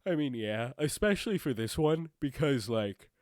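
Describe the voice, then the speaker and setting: A man's voice: mid-range voice, lively intonation, normal speed, darkish tone, no room sound, studio quality. A congested young man co-hosting a podcast, chatting in a laid-back, joking way. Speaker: podcast co-host. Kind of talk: casual podcast chat.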